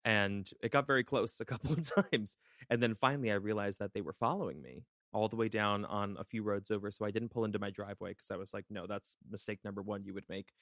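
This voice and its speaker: A man's voice: lowish voice, fast, dry recording, clean studio sound. A young man co-hosting a podcast, telling stories in casual chat and laughing often. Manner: animated storyteller, laughs often. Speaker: podcast co-host.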